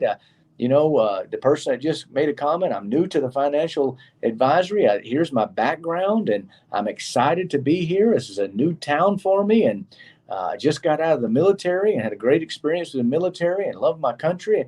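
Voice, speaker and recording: A man's voice: fairly high pitch, lively intonation, normal speed, dark tone. A middle-aged man co-hosting a casual chat show, telling stories and acting out the people he quotes. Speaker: co-host.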